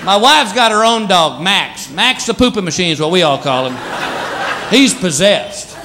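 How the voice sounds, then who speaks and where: A man doing a stand-up comedy routine in front of a live audience, animated, jumping into silly voices. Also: moderate pace. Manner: animated, jumps into silly high voices for pets. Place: comedy stage before a laughing audience. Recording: live club with loud crowd laughter and noise.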